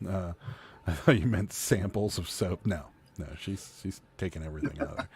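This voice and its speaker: A man's voice: lowish voice, a little fast, a little mellow, breathy edge. A man hosting a casual reseller livestream, rambling through stories and laughing often. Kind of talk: casual chat.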